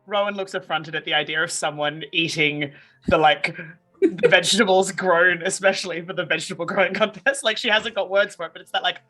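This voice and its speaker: A woman player in a tabletop game, describing her character with animated chat. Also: on the low side, fairly quick, soft background music. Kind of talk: casual tabletop role-play.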